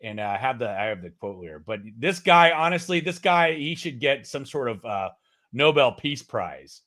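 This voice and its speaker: A man hosting a casual live-stream news commentary, excitable, swearing and laughing as he talks. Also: medium pitch, normal speed. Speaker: host of a political news stream. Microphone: streaming setup mic.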